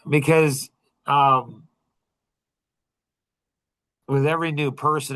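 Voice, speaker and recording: A man's voice: medium pitch, a bit bright, no room sound, low-quality recording. A middle-aged man talks casually to a small group, rambling and circling back with lots of fillers and false starts. His voice sits in the middle of the male range. The recording is dry and close, with no room sound. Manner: rambling, with many fillers and restarts. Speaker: podcast host and coach.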